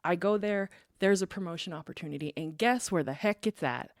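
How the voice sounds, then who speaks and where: A woman's voice: fairly low pitch, brisk, dry recording, studio quality. A woman guest on a podcast, telling her own story in casual chat and acting out what others said. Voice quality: acts out quoted dialogue. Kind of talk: animated personal storytelling.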